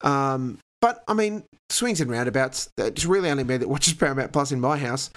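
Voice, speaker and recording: A man's voice: medium pitch, animated, normal speed, a bit bright. A middle-aged man with an Australian accent, giving chatty, opinionated takes as a podcast panelist. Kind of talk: casual podcast chat.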